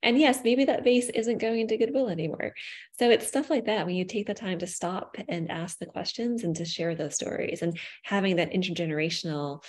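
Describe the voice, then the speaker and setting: Woman, founder, live online talk, animated storytelling, lowish voice. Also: a little fast. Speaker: company founder. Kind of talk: casual live discussion.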